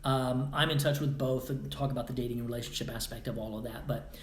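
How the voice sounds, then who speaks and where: Male podcast host, lively motivational talker who wanders off topic, roomy echo on the mic. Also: medium pitch, fast, a little hiss or hum. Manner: animated, acts out quoted voices, rambling asides. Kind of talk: motivational monologue.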